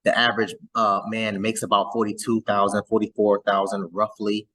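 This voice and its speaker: Husky man giving reaction commentary. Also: lowish voice, level tone, normal speed, a bit bright, poor audio. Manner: chatty, repeats and stammers over words. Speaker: reaction video host.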